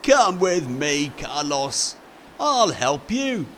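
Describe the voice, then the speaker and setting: A cheerful fishing boat captain in a storybook, kind and eager to help, as a man puts him on. The voice is raised and bright, with lively, bouncing pitch. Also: slow, slight background noise. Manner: kind, helpful, smiling.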